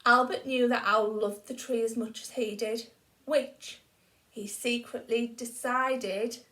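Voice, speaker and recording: A woman teacher reading a picture book aloud to children with slow, expressive storytelling that drops to a hush for quiet moments. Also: fairly high pitch.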